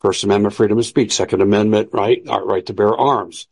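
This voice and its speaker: A man's voice: on the low side, fairly even intonation, a little fast, vocal fry, a little mellow, slightly rough. A man hosting political commentary, talking in an emphatic, preachy and combative way. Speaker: host.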